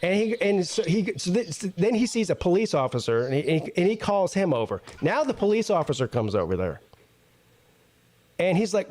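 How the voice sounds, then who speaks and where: A talk show host tells a casual story in an animated, profane style, acting out both sides of an argument. His voice sits high and he speaks a little fast.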